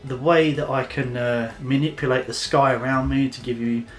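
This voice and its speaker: A man's voice: mid-range voice, fairly even intonation, moderate pace, faint music behind. A man giving a casual photography tutorial to camera, chatty and loose, with plenty of fillers and restarts. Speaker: photography vlogger.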